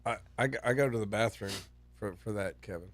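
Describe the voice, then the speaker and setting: A man's voice: on the low side, fairly quick. A man, a regular on a sports talk show, speaking with dry teasing humor. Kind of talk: casual radio banter.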